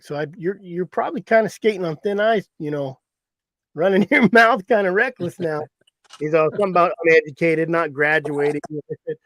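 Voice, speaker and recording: A man's voice: on the high side, moderate pace, dry recording. A middle-aged man, rambling through a hunting story in a folksy way and laughing at it himself. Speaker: hunting guide. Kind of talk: casual storytelling.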